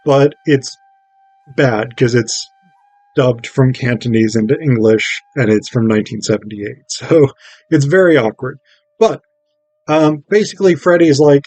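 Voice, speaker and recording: Slow, rambling man with a dry sound. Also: medium pitch, darkish tone, no room sound, faint music behind, rough recording. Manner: rambling, filler-heavy, wry. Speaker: film reviewer. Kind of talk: casual film summary.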